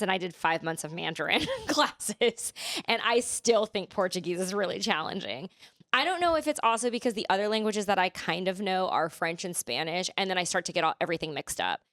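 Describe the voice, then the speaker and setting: A woman's voice: mid-range voice, expressive, brisk, a bit bright, dry recording, clean studio sound. A woman from California, a podcast guest, chatting casually and rambling with many "like" fillers and restarts.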